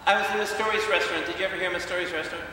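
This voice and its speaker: A man, a priest, preaching a lively Bible study to a congregation, asking questions and acting out quotes. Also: high voice, rapid-fire, a little hiss or hum. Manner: animated, questions the audience, acts out quotes. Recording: echoey hall, speaker far from mic.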